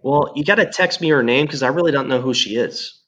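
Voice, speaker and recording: A man's voice: medium pitch, fast talker, a bit bright. A man co-hosting a podcast in casual chat, blunt and sarcastic, swearing a lot. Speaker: podcast co-host.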